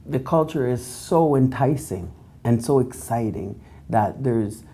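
A woman in her forties from Canada, a reggae DJ, explaining things in a thoughtful, unhurried way in a documentary interview. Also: very deep voice, warm tone, husky. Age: 40s.

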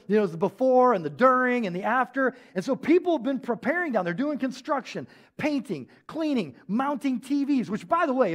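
A man preaching a sermon in a church, telling stories in a casual, animated way with lots of filler words. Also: sits high. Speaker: pastor.

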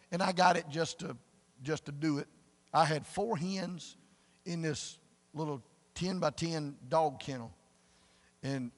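Folksy pastor preaching with reverb. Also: male voice, sits high. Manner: folksy storytelling, rising to loud emphatic preaching. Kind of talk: sermon. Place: church sanctuary. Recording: long church reverb.

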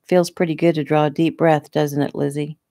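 A woman reading the part of a menacing male attacker who speaks calmly and quietly in an audiobook. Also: low-pitched, fairly quick, no room sound, clean studio sound. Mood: cold coaxing. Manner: calm, coaxing, quietly threatening. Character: menacing male attacker, soft-spoken and cold.

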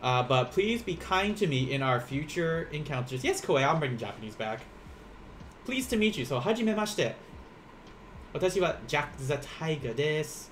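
A man's voice: a little high, sing-song, moderate pace, a little hiss or hum. Chatty man teaching Japanese. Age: 30s. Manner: chatty, rambling, laughs often, eats while teaching. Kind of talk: casual live-streamed language lesson.

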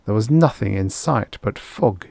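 A man with a lowish voice reads a vintage science fiction story aloud in a measured storytelling manner. The recording is dry and close, with no room sound. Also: lively intonation, gravelly, a little mellow, no room sound. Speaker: audiobook narrator.

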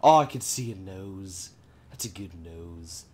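A young man chatting while gaming with friends, excitable and goofy, making silly noises and jokes. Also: sits low, a little slow, a crowd in the background. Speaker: gaming channel host. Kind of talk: casual gaming chat with friends.

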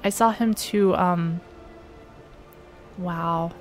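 A woman's voice: fairly low pitch, very slow, faint music behind. A woman giving casual game commentary at home, joking and impatient, talking back to the characters. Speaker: let's play gamer.

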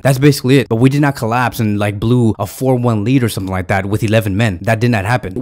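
A man rattles off a heated fan rant at a brisk clip, piling on fillers and repeating himself as he presses his point. His pitch sits at an ordinary middle, and the talk is casual and fervent throughout. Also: darkish tone. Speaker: football fan commentator. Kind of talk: passionate fan rant to camera.

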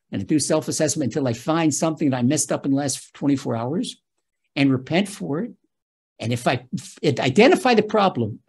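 A man's voice: sits high, darkish tone, husky. A man, a rabbi, giving a spoken Torah lesson, emphatic and talking straight to his listeners, often repeating his key phrases.

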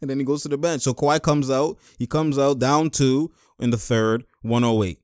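A young man hosting casual game-watching commentary, animated and full of exclamations and laughter. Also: mid-range voice, normal speed, no echo, studio quality. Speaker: host.

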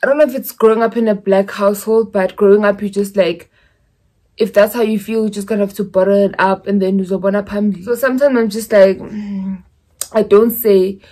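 A woman's voice: medium pitch, fairly even intonation, a little fast, dark tone. Chatty young South African woman vlogging. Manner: chatty, mixes in Zulu phrases, rambling storytelling. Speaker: YouTuber. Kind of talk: casual vlog chat.

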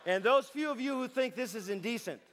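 A man doing stand-up comedy, telling stories on stage to a live audience in a playful, chatty way with deadpan asides. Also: extremely high pitch, a little fast.

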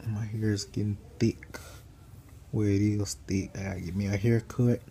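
Sleepy young guy rambling from his bed, low gravelly voice, kinda dark and mellow, faint hiss behind. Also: moderate pace. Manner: relaxed, rambling, lying in bed. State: tired. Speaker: vlogger. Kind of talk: casual chat. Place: bedroom, lying in bed.

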